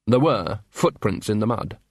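A man reading a fantasy audiobook in steady scripted narration. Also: fairly low pitch, moderate pace, no room sound, clean studio sound.

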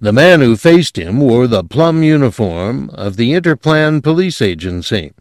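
Expressive male audiobook narrator. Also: mid-range voice, a little slow, no room sound, studio quality. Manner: expressive, dramatic reading.

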